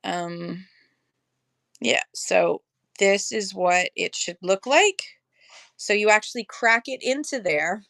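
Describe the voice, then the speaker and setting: A woman holding her phone indoors and chatting casually on a seller livestream, rambling and correcting herself with quick laughs. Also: mid-range voice, creaky, a bit bright, no room sound. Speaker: online live-auction seller. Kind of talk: casual livestream chat and demo. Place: indoor room with shelves. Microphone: handheld phone.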